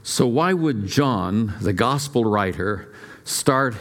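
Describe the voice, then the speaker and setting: A man's voice: medium pitch, lively intonation, slow, fairly bright tone. A middle-aged male pastor preaching a sermon, telling stories with playful asides and shifting emphasis.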